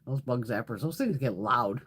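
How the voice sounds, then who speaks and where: A woman's voice: rumbling low, normal speed, husky. A woman hosting a beauty livestream, chatting casually and telling stories with lots of swearing. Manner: animated storytelling with frequent swearing. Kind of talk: casual chat.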